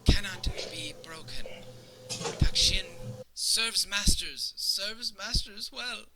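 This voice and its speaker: A man's voice: high voice, takes it slowly, in a whisper, pitched above the performer's own voice, poor audio. A man voicing a frightened, tearful male creature servant who pleads in broken speech. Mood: tearful pleading. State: crying.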